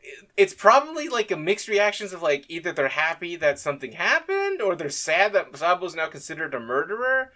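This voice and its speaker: A man's voice: sits high, sing-song, fairly quick, pushed and bright. A man co-hosting a casual review chat, laid-back, laughing often and swearing freely. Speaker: podcast co-host.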